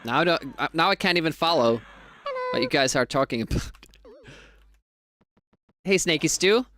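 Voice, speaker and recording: Finnish-accented speedrunner streaming, chatty and rambling, laughs a lot, mid-pitched voice. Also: fairly quick. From Finland. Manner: rambling, laughs often, chats with viewers. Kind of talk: casual live-stream chat.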